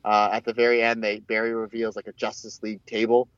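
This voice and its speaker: A man in casual chat, recapping a TV crossover in a rambling, animated way and acting out the characters' lines. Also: on the low side, fast, no room sound. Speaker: podcast co-host. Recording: dull lo-fi, dry sound.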